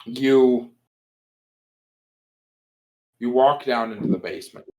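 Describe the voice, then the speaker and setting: Slow-talking man narrating as game master. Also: medium pitch, dark tone, dull audio. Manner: slow, deliberate, spooky scene-setting.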